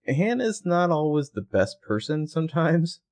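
Male podcast co-host, gravelly voice, animated pitch, musing questions. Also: measured pace. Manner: musing, asks lots of questions. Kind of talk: casual chat.

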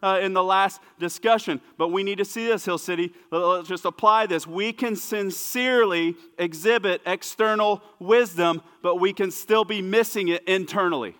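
A man preaching a sermon as pastor, emphatic and repetitive, dropping to hushed asides. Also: high voice, normal speed, few pauses, clear, resonant tone, long reverb tail. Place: church sanctuary.

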